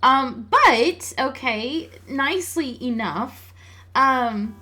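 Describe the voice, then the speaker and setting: Chatty, high-voiced woman playing a game. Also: expressive, very slow, bright, forceful tone. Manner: chatty, musing, laughs often. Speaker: let's play host. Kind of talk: casual gameplay commentary.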